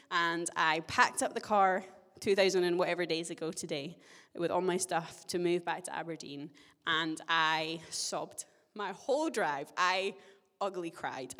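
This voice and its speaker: A young woman giving a sermon to her church, telling a personal story in a chatty, self-deprecating way with gentle humor. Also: on the low side. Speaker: church speaker. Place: church hall. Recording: long church-hall reverb.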